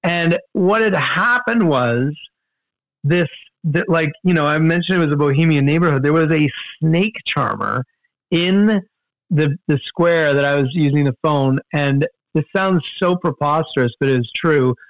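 A man telling a story in casual conversation, animated, with many fillers and restarts. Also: no echo, lo-fi sound. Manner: animated, jumps in pitch for quoted outbursts, many fillers and restarts. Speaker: guest storyteller.

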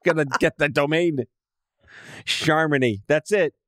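A man co-hosting a podcast in casual chat, joking with quick wisecracks. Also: a little high, fairly bright tone, no echo, studio quality. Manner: joking, quick wisecracks, plays silly voices. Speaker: podcast co-host.

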